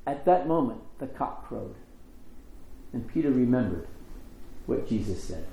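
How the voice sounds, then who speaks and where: A man giving a measured, expressive liturgical scripture reading in a church. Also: medium pitch, creaky, roomy sound, a little hiss or hum, low-quality recording. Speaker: scripture reader.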